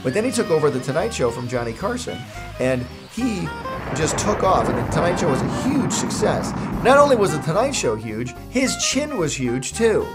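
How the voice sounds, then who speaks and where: A man's voice: fairly high pitch, very animated, moderate pace, loud music behind the voice. A middle-aged man, a cartoon creator, telling a comic story in a playful, jokey way.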